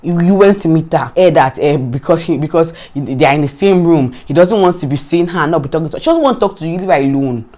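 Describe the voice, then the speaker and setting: A Nigerian woman vlogger recapping a reality show in casual, animated commentary, often exasperated and repeating herself. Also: low-pitched, fast talker, hardly any pauses.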